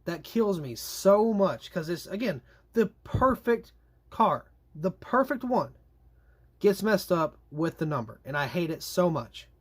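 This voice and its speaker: A young man reviewing diecast race cars in a chatty, animated way, with slangy asides and drawn-out complaints. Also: high voice. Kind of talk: casual product review.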